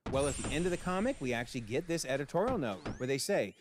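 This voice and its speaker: A man from Canada, a channel host recapping a comic book in an excitable, animated way. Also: medium pitch, quick pace, hardly any pauses, noisy background.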